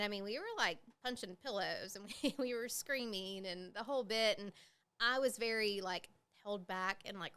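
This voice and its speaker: A woman's voice: fairly low pitch, a bit bright, clear, resonant tone. A woman, hosting a podcast and telling her own story candidly, with plenty of fillers and swearing. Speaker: podcast host. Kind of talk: casual personal storytelling.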